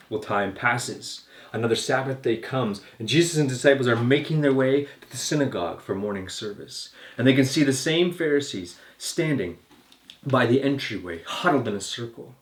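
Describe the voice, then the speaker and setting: A man's voice: mid-range voice, lively intonation, normal speed. Pastor guy painting a story scene for a sermon, home studio, kinda echoey. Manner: vivid, scene-painting narration.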